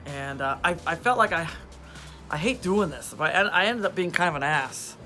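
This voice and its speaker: A man vlogging into his phone, hoarse from losing his voice and laughing often as he rambles on, frustrated. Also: on the high side, expressive, normal speed, sharp tone, faint music behind. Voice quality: weak voice. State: hoarse, lost voice. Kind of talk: casual vlog talk to phone camera. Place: outdoors in the rain, then indoors. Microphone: phone held at arm's length.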